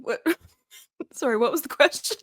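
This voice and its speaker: Woman co-host on a sports podcast, high bouncy voice, giggly, dry sound. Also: a little slow, no room sound. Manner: giggly, lively. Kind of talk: casual sports chat.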